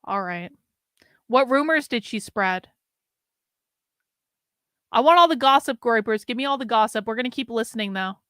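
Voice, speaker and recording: Female host, bright crisp voice, gossipy and chatty, reacting to clips. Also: a little high, expressive, no room sound, studio quality. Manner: chatty, gossipy, quick asides. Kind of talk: casual reaction commentary.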